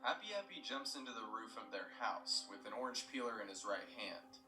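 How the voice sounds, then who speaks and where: A man's voice: on the low side, animated, brisk, roomy sound, far from the mic, over music, rough recording. A young man retelling a story in scripted narration, plain and matter-of-fact with asides.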